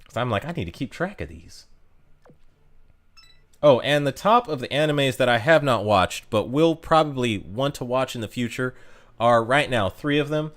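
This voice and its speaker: A man's voice: mid-range voice, moderate pace, a bit bright. An American man chatting casually to viewers on a live stream, rambling, with lots of fillers and restarts. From United States.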